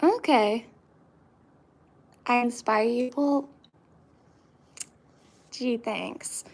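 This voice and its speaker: A woman's voice: on the high side, extremely slow. A young woman from Florida chatting casually to her viewers, rambling with lots of fillers and restarts. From Central Florida, US. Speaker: vlogger. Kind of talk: casual chat to camera.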